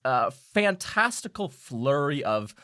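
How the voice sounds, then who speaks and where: A man's voice: fairly high pitch, very animated, slow pace, bright, forceful tone, no room sound, studio quality. A man running a tabletop game as game master, narrating scenes in a loose, rambling way with small fillers.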